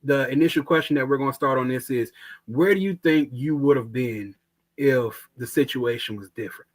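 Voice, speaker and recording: A man hosting a casual podcast interview, talking in an animated way, repeating words and using lots of fillers. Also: mid-range voice, normal speed, no echo, low-quality recording. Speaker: podcast host.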